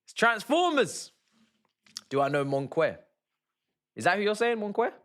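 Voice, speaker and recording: Young man, bright sharp voice, streams football watch-alongs, slangy and excitable, shouts at goals. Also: high-pitched, a little slow. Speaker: fan streamer. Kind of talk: live match watch-along commentary.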